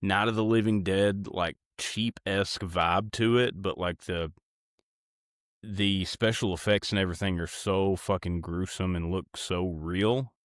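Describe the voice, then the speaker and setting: A man co-hosting a podcast, with a somewhat low voice and a loose, rambling way of talking. He fills his sentences with "like" and restarts them as he goes. The sound is dry and close to the mic. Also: steady tone, measured pace, no room sound. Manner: loose, rambling, uses lots of "like". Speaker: podcast co-host. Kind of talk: casual podcast banter.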